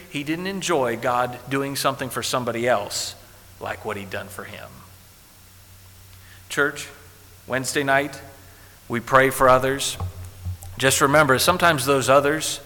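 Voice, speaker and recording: A man's voice: medium pitch, normal speed, long pauses. Man preaching in an echoey church. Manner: preaching with King James quotes, swinging from hushed to loud. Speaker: pastor. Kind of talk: sermon. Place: church sanctuary. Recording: echoey hall with faint hiss.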